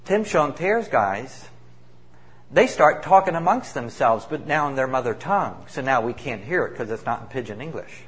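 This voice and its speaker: A man, a missionary, telling stories of the people he works with in an animated, emphatic way, acting out the voices of those he quotes. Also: medium pitch, moderate pace. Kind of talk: spoken testimony storytelling.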